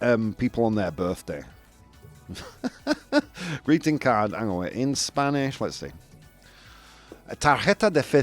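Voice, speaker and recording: A man's voice: mid-range voice, a little mellow. A man hosting a live stream, chatting casually with his audience, reading their messages and poking fun at himself. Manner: chatty, self-mocking, reads out chat messages. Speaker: live-stream show host.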